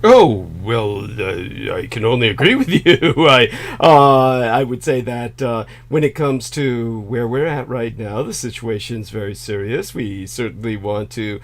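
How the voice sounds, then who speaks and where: A male livestream host with a gravelly, fried edge in his voice, of ordinary pitch for a man. He speaks haltingly, with many filler sounds and restarts. He is losing his voice as he talks. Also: expressive. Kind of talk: livestream discussion.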